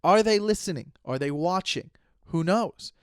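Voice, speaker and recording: A man's voice: high voice, animated, moderate pace, smooth, no echo, clean studio sound. A man in his thirties hosting a solo comedy podcast, rambling and self-aware, making jokes and often restarting his sentences. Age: 30s. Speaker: podcast host.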